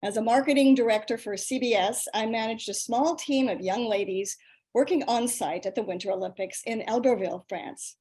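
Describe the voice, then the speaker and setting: An older woman reading her own personal story aloud over a video call, in a lively, self-mocking storytelling manner. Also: on the high side, moderate pace.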